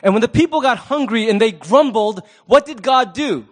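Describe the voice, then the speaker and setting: A man with a high, light voice preaches a sermon in a loose, conversational style. He mixes in jokes and acts out quotes in different voices. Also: animated, normal speed. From Asian American. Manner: conversational preaching with humorous asides and acted quotes. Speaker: pastor.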